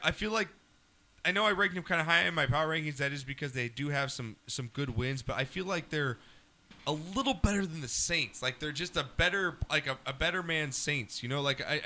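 A man co-hosting a casual sports talk show, making quick, upbeat game picks and sometimes talking over his co-host. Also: on the high side, sharp tone.

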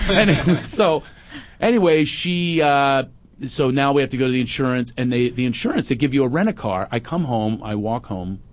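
A middle-aged man telling a family story in casual chat, acting out his teenage son with high shouted lines. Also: normal speed, no echo.

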